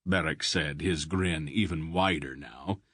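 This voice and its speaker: A man's voice: rumbling low, unhurried, a bit bright, slightly rough, no echo. A man reading a fantasy novel aloud as an audiobook narrator, giving the characters slight voice shifts. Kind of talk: scripted narration.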